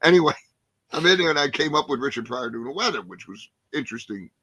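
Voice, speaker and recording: A comedian in his sixties from New Jersey, USA, tells a rambling story as a guest on a podcast interview, packed with fillers and acted-out quotes. His mid-range voice is animated, fast, a bit bright and slightly breathy, with no echo.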